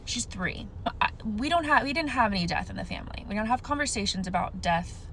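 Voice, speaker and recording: A woman's voice: on the high side, lively intonation, fast talker, fairly bright tone. Mom storyteller, conversational, faint hiss behind her voice. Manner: conversational, laughs off her own asides. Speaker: mother telling a story. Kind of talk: casual first-person ghost story.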